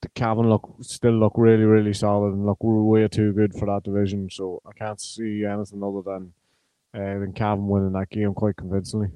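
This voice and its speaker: Irish male pundit, low mellow flat delivery, hesitant, dry close sound. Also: clear, resonant tone, dry recording, poor audio. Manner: measured, hesitant with frequent ums. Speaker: pundit, former player and college coach. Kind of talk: casual sports chat.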